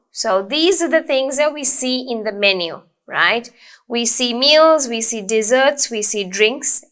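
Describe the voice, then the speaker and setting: A woman teaching English, speaking slowly and clearly and often checking in with "okay?". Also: a little high, fairly bright tone. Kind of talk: slow, deliberate teaching with examples.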